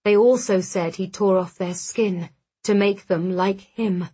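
A woman narrating a first-person story for an audiobook in a measured way. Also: medium pitch, fairly even intonation, husky.

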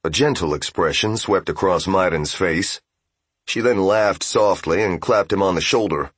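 Husky low-voiced male audiobook narrator. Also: normal speed, no room sound. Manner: steady, even storytelling.

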